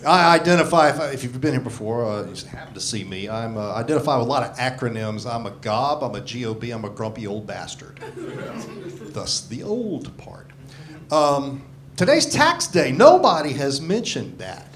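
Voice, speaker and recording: A man's voice: medium pitch, very animated, moderate pace, fairly bright tone. A man in his sixties doing a crude, self-mocking stand-up set on a club stage, swearing freely into a handheld mic. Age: 60s. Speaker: stand-up comedian. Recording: live club audio with crowd laughter. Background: audience laughing.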